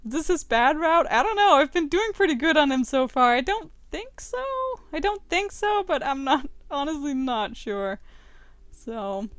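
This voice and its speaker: Young woman streamer, high voice, dry close sound, loud and swearing. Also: animated, moderate pace, no echo. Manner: loud, swearing, laughing outbursts. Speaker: game streamer. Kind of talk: let's play commentary.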